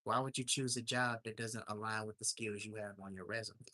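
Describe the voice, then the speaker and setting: A man's voice: fairly low pitch, steady tone, brisk, sharp tone, no echo. A man hosting a casual livestream, telling a story in an indignant, ranting way. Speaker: livestream host. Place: home in Alaska.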